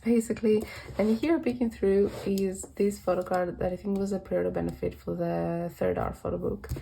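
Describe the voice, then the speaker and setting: A woman with a mellow, gravelly voice talks in a relaxed, rambling vlog style, often correcting herself and breaking into small laughs. Her voice sounds a little worn, as if she is losing it, with a faint hiss in the background. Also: mid-range voice, low-quality recording. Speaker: collector showing her photocard binders. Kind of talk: casual vlog walkthrough.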